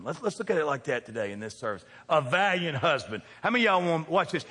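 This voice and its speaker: A man in his fifties preaching a sermon, joking and throwing call-and-response questions at the congregation, swinging from loud to hushed. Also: a little high, sing-song, a little fast, hardly any pauses, slightly rough. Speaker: pastor. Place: large church sanctuary. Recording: long hall reverb.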